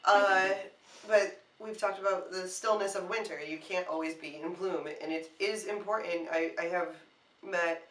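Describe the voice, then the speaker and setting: A woman co-hosting a casual chat, animated and often restarting her sentences. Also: on the low side, unhurried, a little hiss or hum. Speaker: co-host. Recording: echoey room, mic at a distance.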